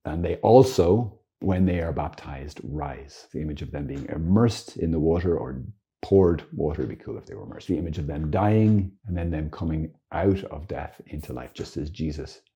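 Male priest, low dark voice, very husky, earnest, quick joking asides. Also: expressive. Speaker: Catholic priest. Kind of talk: informal teaching talk to camera.

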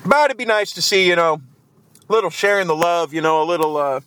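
A man's voice: sits high, a little fast, a bit bright, a little hiss or hum. A man giving a profane, grumbling post-game rant as a fan vlogger. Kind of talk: ranting post-game chat. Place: outdoors in the cold.

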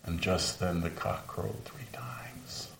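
A man's voice: on the low side, takes it slowly, creaky, fairly bright tone, heavily acted. A man performing a first-person dramatic monologue as the apostle Peter, remorseful over his denial, speaking earnestly in a large room and dropping to whispers at moments of grief. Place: large room with a live audience. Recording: roomy sound from a distant mic.

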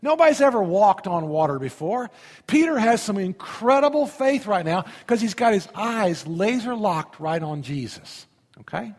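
Husky-voiced man preaching in a reverberant hall. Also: high voice, animated, normal speed, darkish tone. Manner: conversational, asks the audience questions. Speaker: pastor. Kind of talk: sermon.

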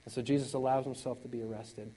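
A dynamic preacher, man with mellow voice. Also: mid-range voice, little pitch movement, fast talker, rough recording. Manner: dynamic preaching, swinging from loud exclamations to quiet intensity; laughs between points, conversational asides. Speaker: pastor. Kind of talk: sermon.

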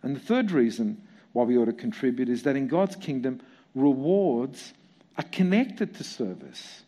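A man preaching a sermon in an animated way, full of rhetorical questions and repetition. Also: medium pitch, normal speed. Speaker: pastor.

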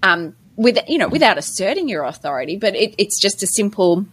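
A woman's voice: mid-range voice, big pitch swings, a little fast, slightly rough, no echo. An Australian woman co-hosting a casual podcast, explaining points in a playful way. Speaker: podcast co-host. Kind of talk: casual chat.

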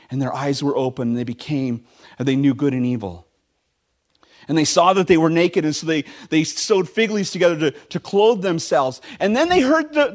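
A middle-aged man preaching a sermon as pastor, telling the story with animated voices for the people in it. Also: on the high side. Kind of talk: expository sermon.

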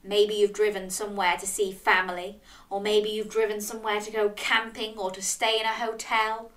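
A woman reads a picture book aloud and chats warmly to young children between pages. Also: mid-range voice, normal speed, recorded from a distance. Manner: lively, animated, talks directly to young listeners. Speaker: children's storyteller.

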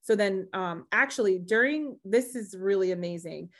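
A young woman, a podcast guest, telling a personal story in lively fashion and playing the other people's voices as she goes. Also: medium pitch, normal speed. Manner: animated storyteller acting out quoted voices.

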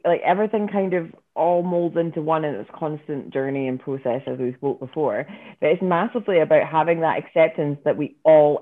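Scottish woman on a tinny line. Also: sits low. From Scotland. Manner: chatty, laughs often, many fillers. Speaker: guest yoga teacher. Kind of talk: casual podcast chat.

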